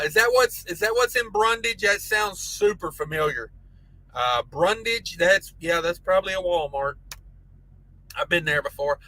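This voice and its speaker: A man's voice: high voice, bright, forceful tone, dry recording, low-quality recording. A man hosting a casual trucking live stream, reading chat messages aloud with crude jokes and frequent laughter. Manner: crude joking banter, laughs often.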